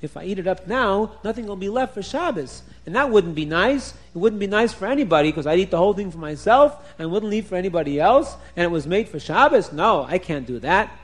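A man's voice: high-pitched, animated, fairly quick, few pauses, voice pushed up. A man voicing a hungry, bumbling husband who muses eagerly to himself in a storybook tale. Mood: worried. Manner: eager, sniffing, rambling musings.

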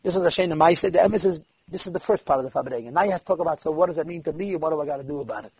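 Male storyteller, high and raspy with fry, sermon-style anecdotes, dull dry lo-fi recording. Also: rapid-fire, dry recording. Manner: lively storyteller who voices the people he quotes. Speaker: storyteller at a religious gathering.

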